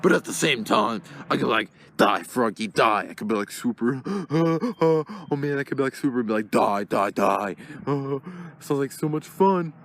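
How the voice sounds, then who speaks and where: A man's voice: mid-range voice, animated, brisk, hardly any pauses, lightly acted. Ted, a man voicing a goofy stuffed bear. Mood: dithering. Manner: frantic and dithering, nervous stammering. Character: dim-witted mischievous male teddy bear. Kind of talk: plush toy puppet comedy.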